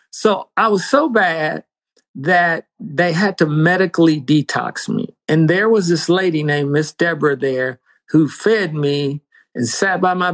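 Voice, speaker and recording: A man giving a spoken faith testimony, emphatic, with big pitch swings and dramatic pauses. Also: a bit bright. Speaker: guest sharing testimony.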